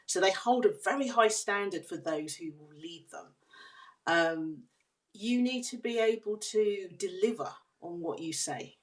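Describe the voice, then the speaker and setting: A woman guest on a podcast interview, explaining her ideas on leadership in an earnest, measured way. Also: mid-range voice, lively intonation. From United Kingdom.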